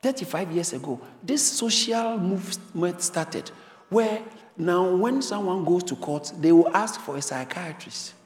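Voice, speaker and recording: Male pastor, high voice, emphatic sermon delivery with repeated phrases, reverberant church sound. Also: expressive, unhurried, darkish tone. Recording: reverberant hall.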